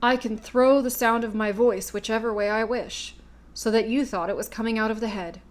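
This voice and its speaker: A woman's voice: fairly high pitch, steady tone, moderate pace, natural voice. A woman reading aloud voices a timid, meek little old man who has been posing as a great wizard, speaking in a trembling voice.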